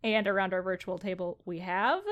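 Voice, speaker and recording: A woman hosting a tabletop game podcast as dungeon master, chatting casually over a video call, self-deprecating and quick to laugh. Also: mid-range voice, steady tone, lo-fi sound. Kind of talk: casual game-night chat.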